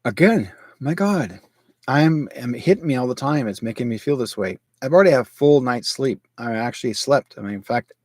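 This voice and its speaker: Brief: middle-aged male host, home office, rambling animated monologue, dry close sound. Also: a little fast, dry recording. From Canada. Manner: rambling, animated storytelling with sudden pitch jumps. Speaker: show host. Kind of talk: casual monologue.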